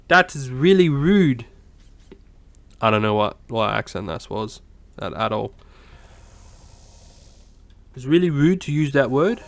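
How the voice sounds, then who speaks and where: An Australian man with a cold, rambling and swearing constantly as he chats casually over his gameplay. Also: mid-range voice. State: has a cold. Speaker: gameplay commentator.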